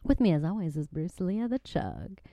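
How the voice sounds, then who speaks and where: A woman's voice: lowish voice, wildly swooping pitch, moderate pace, dark tone, no room sound. A woman hosting her podcast from home at a microphone, chatting casually in a bubbly, giggly, gushing way. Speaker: podcast host. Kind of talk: casual chat. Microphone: desk microphone.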